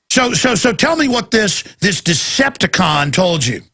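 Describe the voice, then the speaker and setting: A man hosting a call-in radio talk show, ranting fiercely and breaking into shouts. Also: high-pitched, big pitch swings, a little slow. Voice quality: gravelly, husky. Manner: fiery, ranting, bursts into shouting.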